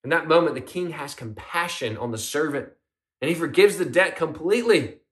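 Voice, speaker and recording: A man with a high-pitched voice preaching a sermon. He tells the story in a conversational, questioning way and puts some emphasis into the characters' quoted lines. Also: animated, brisk. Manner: conversational, asks the congregation questions. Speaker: pastor.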